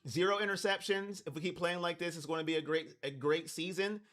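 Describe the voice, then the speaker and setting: A man's voice: on the high side, fairly even intonation, fairly quick, fairly bright tone. A man hosting a live watch party, calling plays and talking straight to his chat with hype-driven energy, his voice wearing thin. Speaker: livestream watch party host. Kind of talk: live play-by-play commentary with chat.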